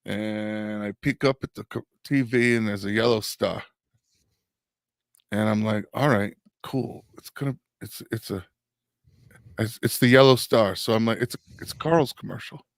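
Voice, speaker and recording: A man's voice: lowish voice, steady tone, unhurried, no room sound. A middle-aged man co-hosting a podcast in casual chat, rambling through a story with frequent restarts and swearing. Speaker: podcast co-host.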